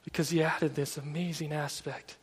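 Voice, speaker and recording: A man's voice: a little high, level tone, moderate pace, slightly rough. A man preaching a sermon in a casual, storytelling way, full of everyday fillers. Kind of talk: conversational sermon. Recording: long reverb of a large hall.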